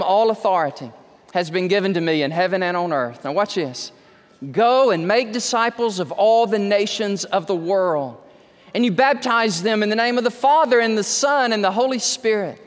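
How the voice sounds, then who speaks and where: A male pastor preaching a sermon, slowing down to stress key words and acting out quoted conversations. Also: animated. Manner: acts out quoted conversations with raised pitch. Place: church sanctuary. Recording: long hall reverb.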